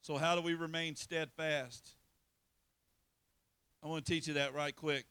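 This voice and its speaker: A man preaching in a bright, crisp voice that sits a little high for a man. He spins a homespun tale and then presses his points with rising fervor. The sound is dry and close. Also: fairly even intonation, measured pace, long pauses, no echo. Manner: folksy storytelling, building to fervent preaching. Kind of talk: sermon.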